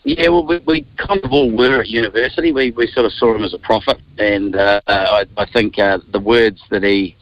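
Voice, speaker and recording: A New Zealand man around fifty, a radio guest telling lively stories from a moving car. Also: fairly low pitch, moderate pace, gravelly, few pauses, no room sound, muffled recording. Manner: animated storyteller, acts out quotes. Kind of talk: casual radio interview.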